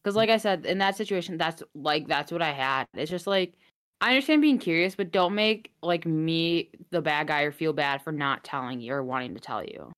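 A woman's voice: low voice, moderate pace, a bit bright, smooth, no echo. A woman co-hosting a podcast, in casual chat, talking freely and laughing easily. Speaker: podcast co-host.

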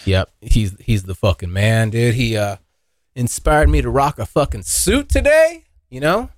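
A man hosting a casual solo podcast, joking and swearing, now and then yelping into high silly voices. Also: measured pace, dry recording, clean studio sound. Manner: animated, swearing, jokey, yelps into high voices. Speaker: podcast host. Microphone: hot close mic.

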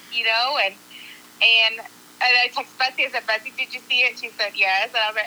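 A woman's voice: on the high side, fairly quick, a little hiss or hum, low-quality recording. A woman telling a story to a group of friends in a casual way, acting out what people said and swearing casually. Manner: animated, acts out quotes, swears casually.

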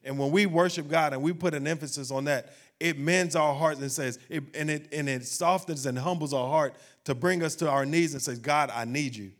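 A man's voice: on the high side, moderate pace, few pauses, a bit bright. A man pastor preaching a sermon, building to emphatic, rising peaks and asking the congregation questions.

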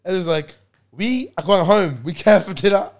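A young man telling a story in casual chat with friends, animated and laughing, full of slang. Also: sits high, moderate pace.

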